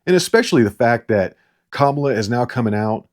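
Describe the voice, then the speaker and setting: A man's voice: mid-range voice, expressive, brisk, a little mellow. A man giving casual political commentary, rambling and sarcastic, repeating words and laughing at his own jokes. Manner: sarcastic, mocking impressions. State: short on sleep.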